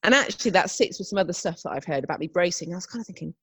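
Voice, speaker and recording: Brief: woman, young, podcast co-host, animated storyteller, husky edge. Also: on the low side, fast, hardly any pauses, no room sound. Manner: animated storytelling, acts out quotes. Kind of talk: casual chat.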